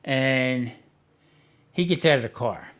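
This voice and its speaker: An older man spins a rambling story on a casual talk show, mid-pitched, and acts out his shouted lines with lots of gusto. He talks like a grandfather swapping tales over a beer. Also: slow. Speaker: podcast host.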